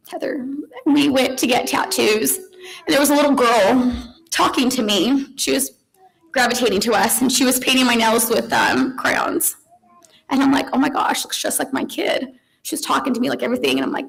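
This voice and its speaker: A middle-aged woman delivers a eulogy for her daughter at a memorial service. Her speech is conversational and unpolished, full of ums and restarts, broken by quiet, tearful laughter. Her pitch sits in the middle range. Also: rough recording. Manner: tearful, halting, with soft laughs between memories. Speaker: mother giving a eulogy.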